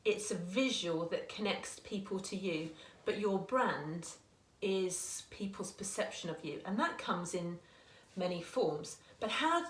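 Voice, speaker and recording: A woman's voice: fairly low pitch, animated, unhurried. Chatty woman in an echoey room. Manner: chatty and earnest, often restarting her sentences. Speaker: small business owner and marketer. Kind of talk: casual talking-to-camera advice.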